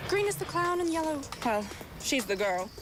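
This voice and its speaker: An actress playing a teasing young woman in a TV action series, speaking in a wry, mocking way over loud music. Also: high-pitched, sing-song, normal speed.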